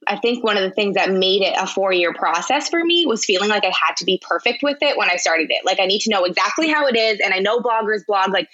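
A woman's voice: medium pitch, pushed and bright, lo-fi sound. A woman blogger talking as a podcast guest, chatty, with lots of fillers and restarts. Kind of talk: casual interview chat.

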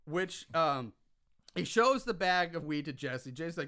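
A man casually recapping a film's plot on a podcast, animated and exasperated by the plot holes. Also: on the high side, unhurried. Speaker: podcast co-host recapping a film.

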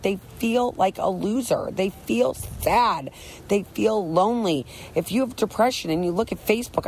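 A middle-aged woman speaks earnestly about her own life in a candid, rambling monologue, often circling back and restarting her sentences. Her voice sits at an ordinary middle pitch. A faint hiss of ambience lies behind her. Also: a little mellow, poor audio.

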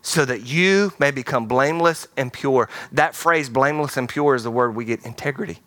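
A man preaching a sermon, animated and playful, acting out quoted voices and laughing now and then. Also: mid-range voice, moderate pace, dry recording. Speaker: pastor. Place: large theater-style church hall.

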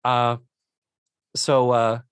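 A man's voice: mid-range voice, extremely slow, clean tone, dry recording, clean studio sound. A man co-hosting a podcast, chatting casually as he recaps a sitcom episode and acts out the characters' lines. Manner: animated, acts out characters' lines in put-on voices. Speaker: podcast co-host.

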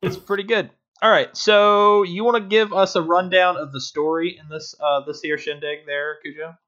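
A man's voice: sits high, fairly even intonation, moderate pace, fairly bright tone, lo-fi sound. A man co-hosting a casual game review podcast, rambling and restarting his sentences, swearing offhandedly. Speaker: podcast co-host.

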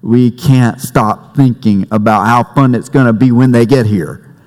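A man preaching a sermon as pastor, conversational and warm-humored, with family stories. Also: mid-range voice, a little slow. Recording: long reverb in a church hall.

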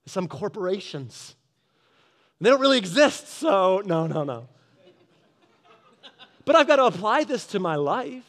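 A man giving a casual devotional talk, telling a story in a lively way and acting out both sides of an argument. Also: sits high, measured pace, long pauses. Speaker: Christian speaker. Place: garage office.

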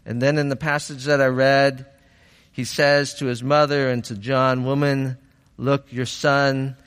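A man preaching a sermon as pastor, reflective and measured, rising to fervent emphasis on key points. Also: mid-range voice, little pitch movement, fairly bright tone, clear, resonant tone, big-room sound.

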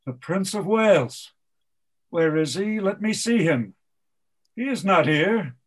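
A man's voice: high voice, lively intonation, slightly rough, full character voice. A man reading an ailing, bitter old king. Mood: commanding. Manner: measured, declamatory verse reading. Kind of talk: play reading.

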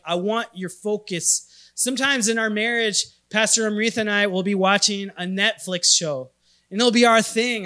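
A man from Minnesota in his thirties preaching a sermon, telling stories with animated, emphatic swings in loudness. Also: high voice. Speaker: pastor.

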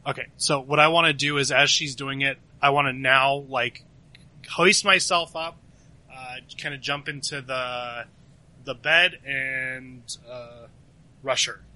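Bright-voiced man rambling as a player. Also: mid-range voice, steady tone, unhurried, poor audio. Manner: rambling, filler-heavy, many restarts. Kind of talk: casual game talk.

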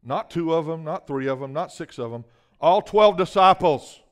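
Preaching at a moderate pace, this man has a fairly high voice with lively intonation. He alternates hushed remarks with emphatic outbursts and invites the congregation to respond.

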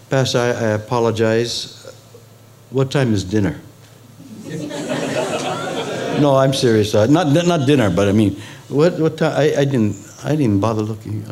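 A male pastor preaching a sermon, with sudden high emphatic peaks and conversational asides to the congregation. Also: a little mellow.

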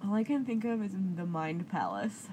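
Lively-voiced young woman co-host. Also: mid-range voice, moderate pace, a little hiss or hum. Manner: laid-back, chuckling, short replies. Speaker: podcast co-host. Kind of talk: casual chat.

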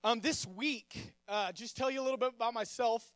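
A young man, his voice sitting unusually high. He stumbles and repeats words as he jokes with the congregation. The stage microphone sounds dry and close. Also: normal speed, a bit bright, smooth, no room sound. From Texas. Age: 20s. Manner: stammering, repeats words, friendly and joking. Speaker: youth pastor. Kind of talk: sermon with casual storytelling. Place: church.

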